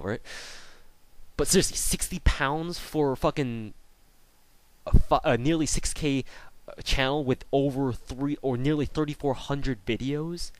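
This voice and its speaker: A man's voice: medium pitch, a little slow, no room sound. A young man ranting angrily and sarcastically at his commenters, swearing often in a casual vlog commentary. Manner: angry, profane, sarcastic ranting. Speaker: YouTuber. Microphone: off-camera voice recording.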